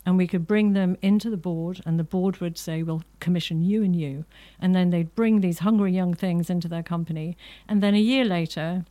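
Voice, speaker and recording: A woman's voice: on the low side, steady tone, brisk, few pauses, mellow. A middle-aged woman, a podcast guest, reflecting earnestly on her work in casual conversation.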